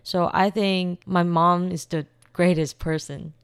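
Taiwanese woman, low smooth voice. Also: steady tone, unhurried, no echo, clean studio sound. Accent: Taiwanese, with a Californian lilt. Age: 20s. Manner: chatty, upbeat, simple non-native phrasing. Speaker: guest. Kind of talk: casual interview chat.

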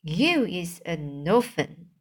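A woman voicing a kindly, soft-hearted male giant who talks in odd broken grammar. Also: on the low side, very animated, takes it slowly, heavily acted. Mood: sad.

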